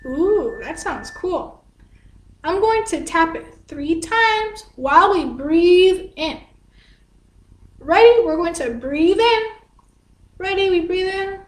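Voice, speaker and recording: Teaching dance and yoga to little children over a livestream from home, this woman has an extremely high, expressive voice. She moves slowly with long pauses, patient and sing-song as she explains every step simply. There's a faint hiss or hum, and the room is echoey.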